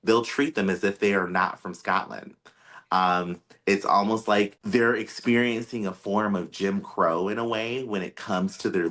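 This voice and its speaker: An American man with a very deep voice co-hosts a casual podcast. He tells stories with lively, animated emphasis. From United States. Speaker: podcast co-host. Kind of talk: casual chat.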